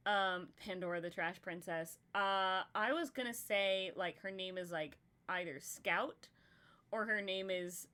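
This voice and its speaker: Thinking out loud in a casual brainstorming chat, a female podcast co-host giggles and circles around her ideas, leaning heavily on "like" and other fillers. Her voice sits at an ordinary middle pitch for a woman, and she's in no hurry.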